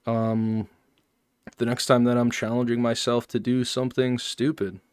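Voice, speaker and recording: A man's voice: medium pitch, flat delivery, moderate pace, smooth, no echo. Male streamer, casual live commentary with rambling side remarks, dry close sound. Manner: offhand, rambling asides. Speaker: streamer reacting to a podcast.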